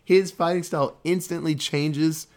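A man casually recapping a movie plot in a loose, animated way, with lots of fillers and some swearing. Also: fairly high pitch, unhurried.

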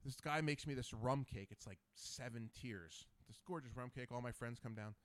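A man hosting a podcast, telling stories in casual chat with an animated manner. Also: mid-range voice, normal speed, no echo. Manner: animated storyteller. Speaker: podcast host.

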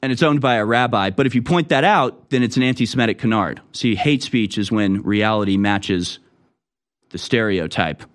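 A man's voice: fairly low pitch, normal speed. A man delivering a political commentary monologue in a sarcastic, mocking way. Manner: sarcastic, mocking impressions in raised voice.

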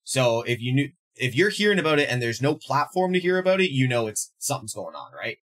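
A man's voice: medium pitch, sing-song, quick pace, fairly bright tone. A male podcast host asking rambling, hesitant questions in a casual interview.

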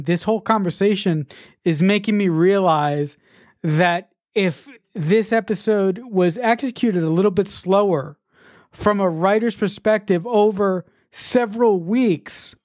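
A podcast co-host who writes, talking in casual chat in a reflective, halting way with frequent restarts. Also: mid-range voice, darkish tone, dry recording, clean studio sound.

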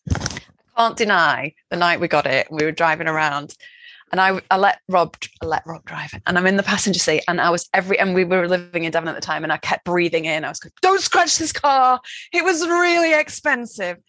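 A woman from England co-hosting a podcast, chatting casually and telling funny stories with animated delivery and frequent laughter. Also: on the low side, fast talker. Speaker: podcast co-host. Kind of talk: casual chat.

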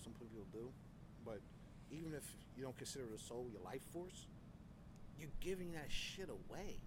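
A man's voice: medium pitch, noisy background. Candid, profane man spinning stories. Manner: loose, conversational, frequent "like" and "you know". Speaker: podcast guest. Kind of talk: casual podcast conversation.

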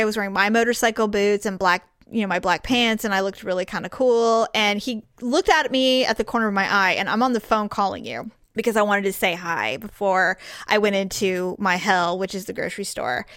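A middle-aged woman co-hosting a podcast, telling funny stories with lots of laughter and squeaky acted-out quotes. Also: fairly quick, hardly any pauses, a bit bright, smooth, dry recording, studio quality. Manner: laughs often, acts out quotes in high chirpy voices. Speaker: podcast co-host. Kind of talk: casual chat.

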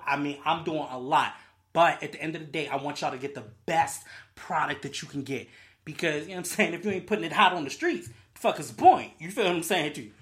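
Excitable, slangy young podcast host. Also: medium pitch. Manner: excitable, profane, slangy, rambling. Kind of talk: casual solo podcast chat.

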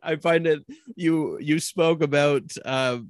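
A man co-hosting a podcast, interviewing a guest in a relaxed way, with frequent hesitations and chuckles. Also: fairly high pitch, takes it slowly, no room sound. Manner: hesitant, many uh fillers, chuckling. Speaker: podcast co-host. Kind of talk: casual interview chat.

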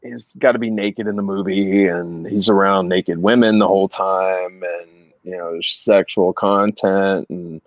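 A middle-aged man casually telling anecdotes as a guest, animated and laughing as he goes. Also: deep voice, unhurried, no room sound. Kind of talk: casual storytelling. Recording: dry, slightly dull sound.

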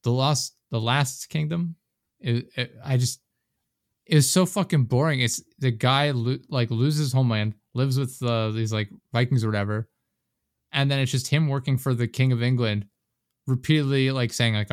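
A man's voice: medium pitch, fairly even intonation, normal speed, no echo. Rambling, swearing man, dry close sound. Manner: rambling, profane, laughs often. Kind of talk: casual chat.

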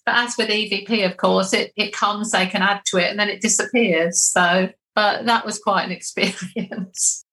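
A woman's voice: mid-range voice, steady tone, normal speed, sharp tone, low-quality recording. A middle-aged woman, a medium, telling anecdotes in a chatty way during an interview. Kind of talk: interview storytelling.

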